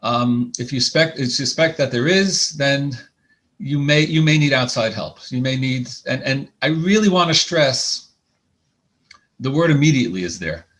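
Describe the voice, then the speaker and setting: In a lecture hall, a male couples therapist gives a conversational lecture on marriage, frequently restarting sentences and repeating words. His mid-range voice is expressive and fairly bright, delivered at a moderate pace.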